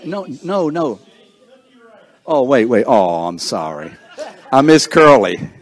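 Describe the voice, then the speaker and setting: A man's voice: mid-range voice, big pitch swings, slow, a faint crowd. An older man hosting a seniors breakfast, introducing guests one by one with playful teasing and stumbling over names. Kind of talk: introducing people in a room, joking.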